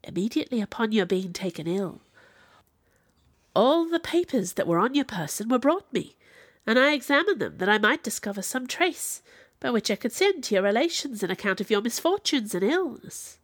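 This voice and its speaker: A woman's voice: fairly high pitch, big pitch swings, normal speed, no room sound, clean studio sound. Woman voicing a stern, formal female magistrate. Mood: grave.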